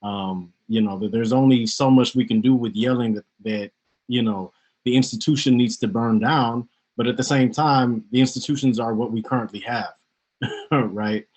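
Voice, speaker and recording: A man with a husky, slightly rough voice moderating an online panel over a video call. He explains ideas patiently and loosely, leaning on filler words as he goes. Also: mid-range voice, normal speed, low-quality recording. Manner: relaxed, explanatory, with many fillers.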